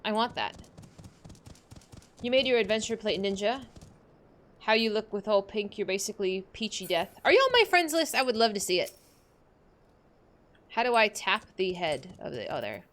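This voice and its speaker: Excitable giggly woman streamer. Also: mid-range voice, normal speed, long pauses. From Los Angeles, USA. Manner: excitable, giggly, greets viewers. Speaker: game streamer. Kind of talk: casual livestream chat while gaming.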